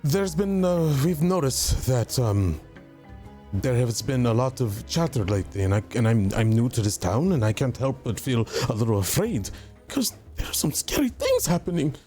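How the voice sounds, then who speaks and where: A man's voice: medium pitch, lively intonation, normal speed, dark tone, faint music behind. A man playing a tabletop role-playing game, talking in stammering, flustered apologies, slipping in and out of character. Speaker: player.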